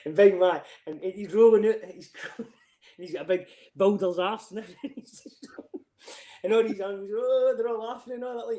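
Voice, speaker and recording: A man's voice: high-pitched, a little fast, mellow, echoey room. A middle-aged Scottish man telling stories in casual chat, swearing freely and laughing through them. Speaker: podcast guest.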